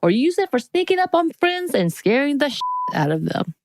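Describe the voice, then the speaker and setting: A woman's voice: sits high, big pitch swings, moderate pace, noisy background. A woman co-hosting a podcast, reading quiz questions aloud in a playful, casual chat. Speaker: podcast co-host.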